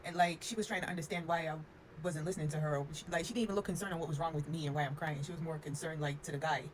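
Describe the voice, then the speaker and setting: A woman's voice: low voice, fairly even intonation, racing, slight background noise. A young adult woman telling a personal storytime in a frank, unfiltered way, with lots of "like" and some cussing. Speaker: storyteller vlogger. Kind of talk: casual storytime.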